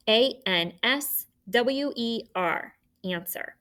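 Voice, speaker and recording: Woman teacher doing a phonics spelling lesson, real slow, bright clear voice, spells each letter out. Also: on the high side. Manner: slow, clear, enunciating word by word.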